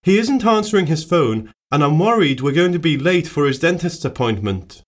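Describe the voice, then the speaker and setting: A man performing scripted everyday dialogue for a listening exercise, with clear, plainly acted delivery. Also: a little high, lively intonation, moderate pace.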